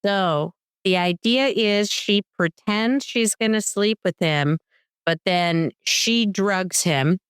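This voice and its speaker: A woman's voice: medium pitch, slow pace, smooth, dry recording, studio quality. A woman co-hosting a podcast, recapping a TV episode in casual chat and acting out the characters' lines. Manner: animated storyteller, acts out quotes. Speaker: podcast co-host.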